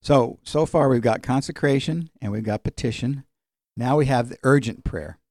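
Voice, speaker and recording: Guy pastor teaching bible study, relaxed dark tone, slows way down on the verses, no room echo. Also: medium pitch, studio quality. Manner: conversational, varies pace for emphasis, slows on scripture. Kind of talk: sermon teaching.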